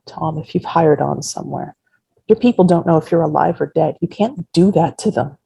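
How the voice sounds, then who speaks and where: Clipped teenage farm girl read by a woman, dark husky tone. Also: low-pitched, moderate pace, no echo, heavily acted, rough recording. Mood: frustrated. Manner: clipped, distracted.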